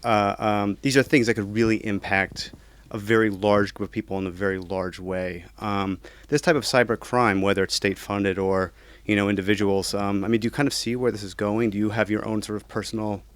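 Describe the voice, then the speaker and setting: A man's voice: lowish voice, steady tone, fairly quick, no room sound. A man from the audience asking a long, rambling question full of fillers.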